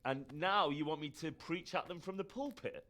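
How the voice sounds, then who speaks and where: An actor playing a wry, exasperated young hero in a video game, sarcastic and incredulous. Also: male voice, fairly high pitch, moderate pace, fairly bright tone, natural voice.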